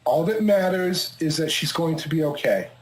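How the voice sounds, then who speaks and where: A man scolding the others sharply and swearing, trying to calm a family argument. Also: fairly high pitch, normal speed. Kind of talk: heated real-life argument. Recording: echoey room sound.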